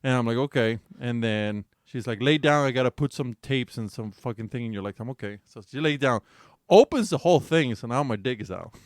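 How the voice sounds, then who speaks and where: A man co-hosting a podcast, telling a raunchy story in casual chat, animated and swearing freely, with bursts of laughter. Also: mid-range voice, a little fast, hardly any pauses, dry recording, clean studio sound. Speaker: podcast co-host.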